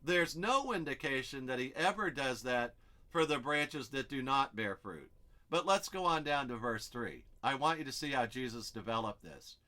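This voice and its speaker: A man's voice: medium pitch, expressive, moderate pace, pushed and bright. A man teaching an expository Bible study, explaining step by step and thinking aloud as he works through the text.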